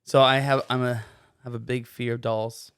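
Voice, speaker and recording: A young regular in a casual podcast chat. The voice sits at a middle pitch and is recorded close and dry. The speaker makes short, dry joking asides. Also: flat delivery, normal speed, clear, resonant tone, no room sound.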